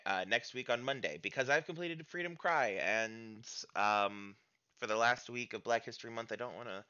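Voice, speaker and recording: A man's voice: mid-range voice, pushed and bright, highs cut off. Rambling American man, lots of ums. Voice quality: rambling, hesitant with many fillers. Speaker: streamer. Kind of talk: casual stream outro chat.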